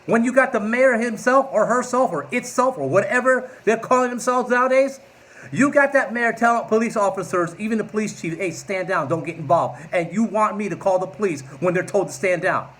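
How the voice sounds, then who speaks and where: A man in his forties delivers a combative political rant straight to camera. His voice sits fairly high for a man, and he keeps a sarcastic, mocking edge throughout. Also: a little fast, a bit bright. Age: 40s. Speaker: political vlogger.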